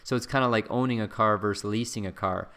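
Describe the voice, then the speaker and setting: A man hosting a casual stock-market livestream from his home, chatting in a relaxed way with fillers and frequent asides to his viewers. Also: on the low side, fast, clear, resonant tone.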